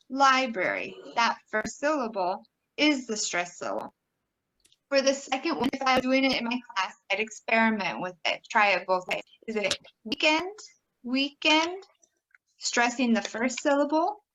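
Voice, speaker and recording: A woman's voice: a little high, fairly bright tone, poor audio. A young adult woman giving a conference workshop presentation, upbeat and demonstrating word sounds by exaggerating them.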